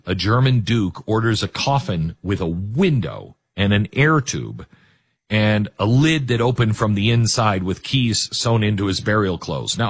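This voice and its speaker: A middle-aged man hosting a talk show, telling a story in a monologue with animated, jokey asides. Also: lowish voice, breathy edge. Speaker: radio talk show host.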